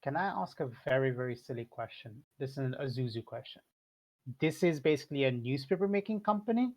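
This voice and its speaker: A man's voice: medium pitch, expressive, fairly quick, darkish tone. A man playing a tabletop game, talking in a sheepish, apologetic way. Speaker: player. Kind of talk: casual tabletop game chat.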